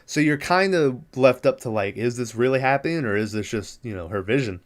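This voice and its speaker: A man's voice: medium pitch, animated, fairly quick. Rambling man recapping a movie. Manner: rambling, filler-heavy, profane, laughs at the film. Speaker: podcast host.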